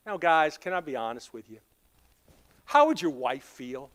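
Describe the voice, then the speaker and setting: A pastor with a Southern accent preaching a sermon, telling stories and acting out the dialogue, teasing members of the congregation by name. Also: male voice, on the high side, expressive, moderate pace, fairly bright tone. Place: church sanctuary.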